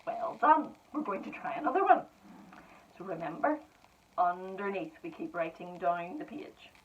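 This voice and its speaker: A woman's voice: fairly low pitch, sing-song, moderate pace, slight background noise. A woman primary school teacher dictating spelling sentences word by word, with encouraging praise. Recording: dull lo-fi sound from a distance.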